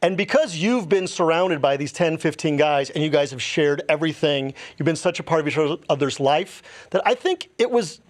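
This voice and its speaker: A man's voice: a little high, lively intonation, moderate pace, hardly any pauses. A middle-aged man hosting a casual podcast interview, jumping in with teasing jokes. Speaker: podcast host.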